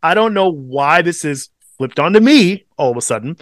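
A man co-hosting a podcast, telling a story in casual chat, swearing constantly and animated. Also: fairly high pitch, moderate pace, no echo, studio quality. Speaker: podcast co-host.

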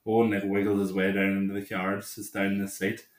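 A Northern Irish man in his twenties co-hosts a casual chat and rambles through his stories. His voice sits fairly low, and the room gives a roomy echo. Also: little pitch movement, quick pace. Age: 20s. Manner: rambling, laughing anecdotes with lots of "like". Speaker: podcast co-host.

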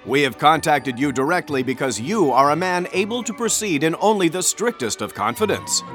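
A man reading a comic mock advertisement in a slow, mock-formal manner. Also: a little high, expressive, a bit bright, faint music behind. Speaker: show host reading a mock ad.

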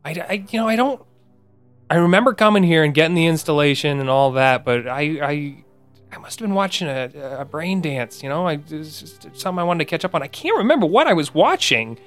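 A man's voice: a little high, expressive, fairly quick, fairly bright tone, faint music behind. A man playing a tabletop game, talking casually and hesitantly, often repeating words. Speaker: player.

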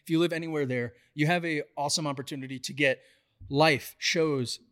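A man from New York co-hosting a casual podcast chat, upbeat and quick to agree. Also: a little high, fairly even intonation, fairly bright tone. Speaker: podcast co-host.

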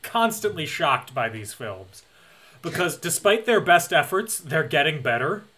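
A man's voice: a little high, very animated, a little slow, pushed and bright. A man co-hosting a casual chat, recapping with wry jokes. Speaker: podcast co-host.

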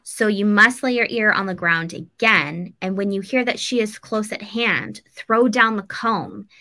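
Woman co-host, loose, rambling storyteller who swears; bright, sharp tone. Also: medium pitch, measured pace. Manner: rambling, loose, swears, lots of likes and ums. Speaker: podcast co-host. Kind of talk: casual storytelling chat.

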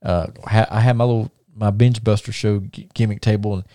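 A podcast host and former wrestler tells casual, rambling stories, repeating words and laughing at them. His voice is lowish, mellow and steady, a little fast, captured in a dry, studio-quality recording.

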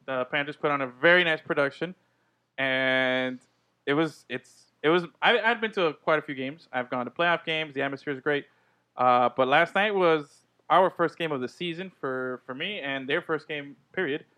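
A man co-hosting a podcast in casual chat, laid-back and quick to laugh. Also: on the high side, bright, forceful tone. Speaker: podcast co-host.

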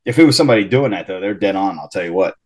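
A man's voice: deep voice, lively intonation, rapid-fire, darkish tone, slightly rough. Profane, easygoing man in casual chat. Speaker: podcast co-host.

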